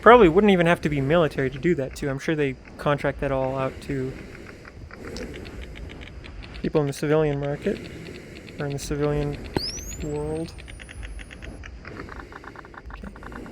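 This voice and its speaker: A man's voice: fairly high pitch, normal speed, long pauses, background noise. A young man, streaming a VR game and rambling to himself and his chat, often muttering under his breath. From Canada. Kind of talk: casual gameplay commentary.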